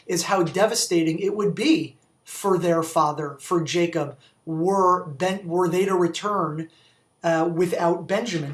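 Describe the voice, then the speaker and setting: A man's voice: high-pitched, fairly bright tone. A man, a rabbi, giving a Torah study talk, reading Hebrew quotes and explaining them in English with questions to his listeners. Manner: reads Hebrew quotations aloud.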